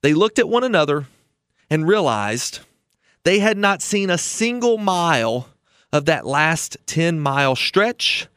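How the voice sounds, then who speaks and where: Male podcast host, high voice, dry close mic, earnest persuasive storyteller. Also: very animated, unhurried, a bit bright, smooth, dry recording. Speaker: retirement planning podcast host.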